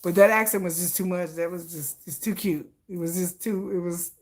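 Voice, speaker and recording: Gushing, excitable woman host. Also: fairly low pitch, moderate pace. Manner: gushing and excitable, with many restarts and laughs. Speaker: K-pop commentary host. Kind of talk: casual chat.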